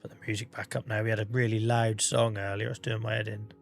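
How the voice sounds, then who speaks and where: With faint music behind him, this Norfolk man in his forties talks fast in a lowish voice with vocal fry and little pitch movement. He's coughing and under the weather as he live-streams a farming game from England, chatty, sweary and self-mocking.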